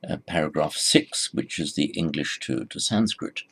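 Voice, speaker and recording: A man teaching a Sanskrit lesson, slowly repeating each phrase for the learner. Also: a bass voice, animated, creaky, background noise. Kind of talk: recorded language lesson.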